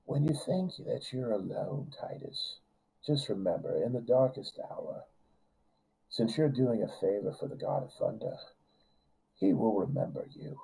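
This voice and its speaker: A man voicing a gentle, wise goddess who speaks softly and knowingly in a tabletop game. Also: medium pitch, expressive, measured pace, gravelly, husky, full character voice, poor audio. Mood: soft, solemn.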